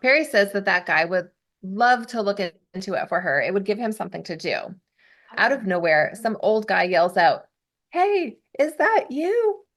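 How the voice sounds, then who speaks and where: A young adult woman hosts a casual podcast and recaps a TV episode. She talks in a chatty way with giggly side comments, and her voice sits at an ordinary middle pitch. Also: moderate pace, fairly bright tone. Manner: chatty, giggly, narrates plot with asides. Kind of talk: casual chat.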